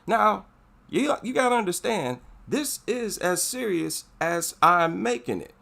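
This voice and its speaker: Male vlogger, slightly high lively voice, emphatic, drives each point home twice. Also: measured pace, creaky. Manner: emphatic, repeats his points for effect. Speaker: MMA commentary vlogger. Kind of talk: casual commentary.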